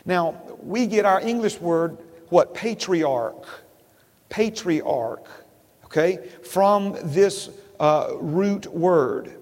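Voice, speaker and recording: A man's voice: high-pitched, extremely slow, a little mellow, long reverb tail. A man preaching a sermon as pastor to his congregation, repeating phrases and asking them questions. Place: church sanctuary.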